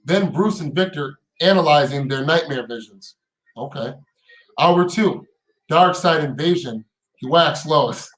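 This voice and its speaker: A man's voice: fairly high pitch, a little slow, a bit bright, reverberant, rough recording. A man hosting a casual live stream, talking in heated, profane bursts with repeated words and rising rhetorical questions.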